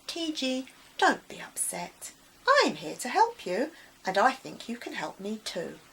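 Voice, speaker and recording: Brief: gentle storybook spirit-lady, soft, friendly and coaxing, read by a woman. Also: a little high, sing-song, measured pace, vocal fry, slight background noise, heavily acted. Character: kind magical lady in a puddle.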